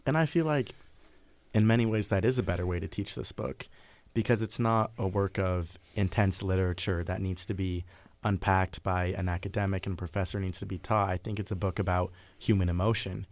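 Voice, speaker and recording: Deep-voiced male guest, earnest and expansive, close dry recording. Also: steady tone, fairly quick, darkish tone, no room sound. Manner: earnest, building long flowing sentences. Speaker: book club guest. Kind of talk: reflective discussion.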